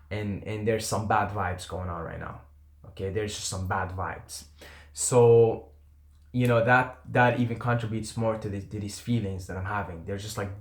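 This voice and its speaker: A man telling a personal story to camera in a casual, earnest and intense way, often trailing off and swearing. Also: lowish voice. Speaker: vlogger. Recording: roomy echo.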